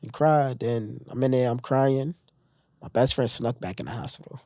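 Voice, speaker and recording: A man's voice: medium pitch, moderate pace, creaky, no room sound. New man, casual storyteller, acts out other people's lines, dry close mic. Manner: animated retelling, acting out others' lines. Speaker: podcast guest.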